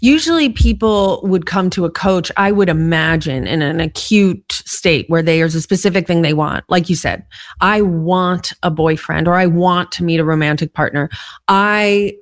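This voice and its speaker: A woman's voice: lowish voice, normal speed, no echo, clean studio sound. A woman hosting an interview who asks reflective, thoughtful questions. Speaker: podcast host.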